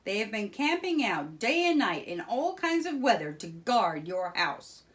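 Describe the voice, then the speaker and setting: A woman's voice: mid-range voice, very animated, measured pace, voice pushed up. A woman voicing a stern, sensible male water rat in a children's storybook, scolding his friend.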